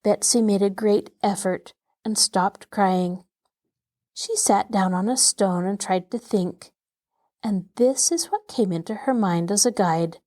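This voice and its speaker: A woman host reading a children's novel aloud in an expressive, dramatic way. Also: mid-range voice, a little slow. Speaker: host and storyteller.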